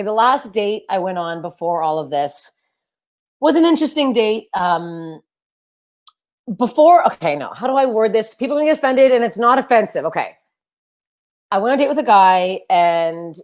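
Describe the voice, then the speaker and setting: A young woman with a low, deep voice, performing a loud, energetic, self-deprecating stand-up set over a webcam. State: sweaty and overheated. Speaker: stand-up comedian. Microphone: webcam for a virtual show.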